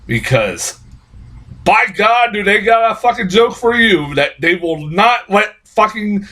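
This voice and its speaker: Husky, exasperated ranting male reviewer. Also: high-pitched, very animated, measured pace, bright, forceful tone, rough recording. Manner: rambling with restarts and laughs. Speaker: movie reviewer. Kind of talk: casual spoken review.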